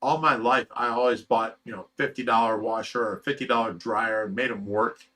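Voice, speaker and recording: A middle-aged man from Ohio talks casually on a livestream, his voice bright and forward. He rambles through heartfelt stories, trips over his words and reads out chat messages as he goes. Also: mid-range voice, steady tone, moderate pace. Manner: emotional, rambling storytelling with fillers and laughs. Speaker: fish rescue channel host reading live chat.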